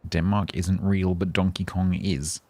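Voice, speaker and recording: A man's voice: sits low, level tone, a little slow, warm tone, breathy edge, no room sound. A man streaming a game live, chatting casually in a rambling, self-mocking, joking way.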